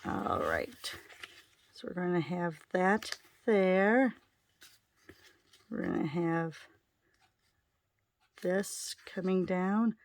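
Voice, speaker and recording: A woman's voice: fairly low pitch, sing-song, drawn-out words, long pauses. A woman giving a casual card-making tutorial, chatting her way through each step as she works.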